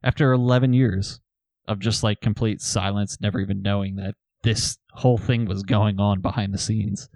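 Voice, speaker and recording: A man's voice: fairly low pitch, normal speed, no room sound. A man casually retelling a story to friends on a podcast, reading old messages aloud. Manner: relaxed storyteller, reads messages aloud with laughs.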